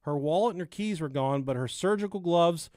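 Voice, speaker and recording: A man's voice: a little high, fairly quick, a little mellow, no room sound, studio quality. A man co-hosting a podcast, telling a true-crime story and chatting casually, swearing and laughing at his own jokes. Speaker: podcast co-host.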